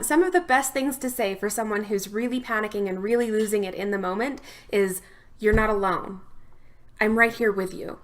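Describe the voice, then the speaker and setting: A young adult woman therapist giving calm, steady instructional advice straight to the viewer. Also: on the high side. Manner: calm, steady explanatory delivery. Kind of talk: instructional talk to camera.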